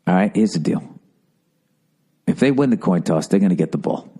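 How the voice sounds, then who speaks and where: A gruff, scheming football coach lays out his plan in a low, conspiratorial voice, as a comedian puts him on. He barks short orders and checks in with clipped asides. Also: rapid-fire, dark tone.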